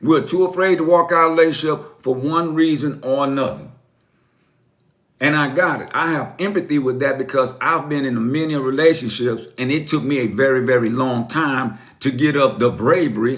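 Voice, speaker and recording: A man's voice: mid-range voice, brisk. A man hosting a live stream, talking emphatically to his viewers, repeating phrases and calling them "folks" in a preachy way. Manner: preachy, addresses viewers as folks, uses catchphrases. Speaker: host of a live stream on narcissistic abuse.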